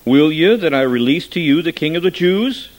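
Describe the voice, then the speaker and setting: A man reads aloud as a stern Roman governor who keeps pressing a silent prisoner with questions. The voice sits at a middle pitch and lifts and grows louder as the questions sharpen. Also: big pitch swings, moderate pace, rough recording. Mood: questioning.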